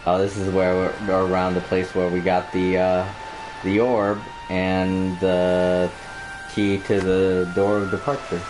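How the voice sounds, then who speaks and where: A man's voice: low voice, monotone, measured pace, background noise. A man casually commenting on a video game as he plays, chatty and laughing easily. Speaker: streamer playing a video game. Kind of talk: casual let's-play commentary. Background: game music.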